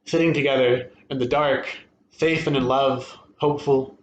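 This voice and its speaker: A man reads a short story aloud in a steady, first-person storytelling voice that lifts at tense moments. His middle-pitched voice rings in an echoey room, with faint ambient noise underneath. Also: moderate pace, muffled recording. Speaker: reader at a literary event.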